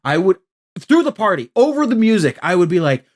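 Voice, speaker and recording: A man's voice: high voice, very animated, a little fast. A man hosting a podcast in casual chat, emphatic and acting out the quotes in his stories. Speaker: podcast host.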